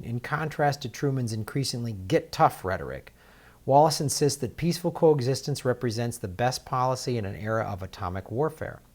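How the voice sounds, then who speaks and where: A man's voice: mid-range voice, a little mellow. A man hosting political commentary, talking in a heated, sarcastic way with lots of filler words and restarts.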